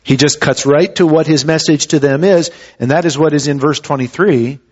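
A male pastor with a fairly high voice delivers a sermon and explains scripture as if talking it through. He often stumbles and restarts his phrases. The recording sounds dull and lo-fi. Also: normal speed, darkish tone. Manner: conversational expository preaching with hesitant restarts.

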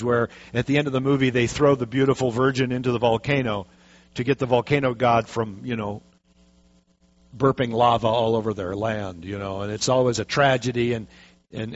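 A man, a pastor, teaching a Bible passage in a folksy, chatty way with jokey asides. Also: medium pitch. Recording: dull lo-fi recording.

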